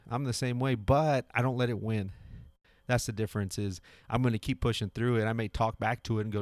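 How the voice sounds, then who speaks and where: Recorded with no echo in a home garage, this podcast host is a man in his thirties with a lowish voice. He gives a casual motivational talk in an earnest way, often repeating himself and starting sentences over.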